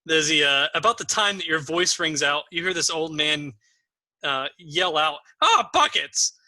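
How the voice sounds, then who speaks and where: Bright-voiced man running a tabletop game. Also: a little high, normal speed, dry recording. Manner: patient, encouraging, with frequent ums. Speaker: game master. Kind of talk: explaining a tabletop game to new players.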